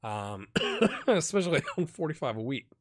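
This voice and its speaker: A man's voice: mid-range voice, very animated, moderate pace. A man with a cold giving casual let's play commentary on a football management game, chatting and thinking aloud with wry asides. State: has a cold.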